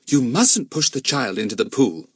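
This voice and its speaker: A man's voice: mid-range voice, very animated, moderate pace, slightly rough, no echo, clean studio sound. A man voicing a proper, fretful English mother in a storybook. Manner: prim, reproachful.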